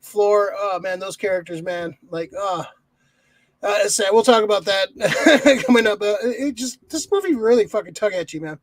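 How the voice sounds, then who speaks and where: A man's voice: sits high, moderate pace, no room sound. A man co-hosting a podcast, reviewing a movie in rambling, profanity-laced casual chat full of fillers. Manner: swears a lot, rambling with many fillers. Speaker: podcast co-host.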